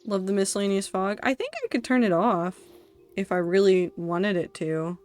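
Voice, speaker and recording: This is a woman live-streaming as she builds in a game, talking half to herself and half to her chat. She gets excited and over-dramatic about small discoveries. Her voice sits in a middle range, with faint music playing behind her. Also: mid-range voice, normal speed. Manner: excitable, thinks aloud, talks to herself and chat.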